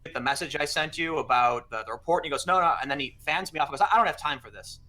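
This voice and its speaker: A podcast guest with a bright, forceful, rather high voice tells a story fast and animatedly, acting out each exchange in quotes. It's a loose, casual storytelling chat.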